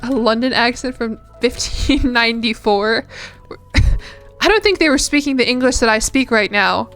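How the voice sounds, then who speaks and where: Young woman streamer rambling casually, slightly high smooth voice, faint music behind. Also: moderate pace, a bit bright. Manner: rambling, chatty, self-deprecating. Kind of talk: casual chat while gaming.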